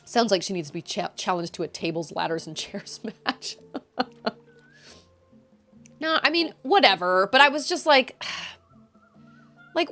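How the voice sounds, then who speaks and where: A woman's voice: mid-range voice, expressive, measured pace, pauses often, bright, forceful tone, faint music behind. A woman streaming a game, venting in casual chat to her viewers, rambling with frequent restarts. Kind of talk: casual chat while gaming.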